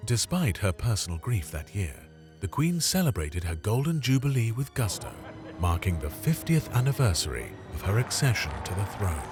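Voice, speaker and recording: A man doing scripted documentary narration in a measured, expressive way. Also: lowish voice, music in the background.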